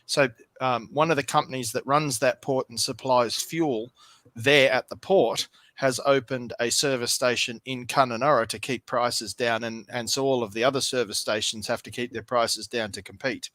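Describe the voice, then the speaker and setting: A man's voice: mid-range voice, steady tone, normal speed, fairly bright tone, no room sound. A man from Australia with an Australian accent, chatting casually on a stream, easygoing and rambling with frequent ums. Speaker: stream host. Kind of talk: casual chat.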